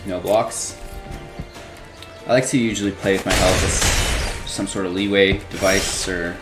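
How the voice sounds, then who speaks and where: A man giving relaxed, casual commentary while playing a card game, thinking out loud about his moves. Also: sits low, a little slow. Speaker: gameplay streamer. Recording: music clearly under the voice.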